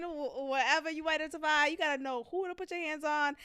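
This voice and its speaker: A young adult woman hosting her own podcast, talking casually and candidly, breaking into loud laughter when amused. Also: sits high, brisk, few pauses, no echo. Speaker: podcast host. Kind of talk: casual solo commentary.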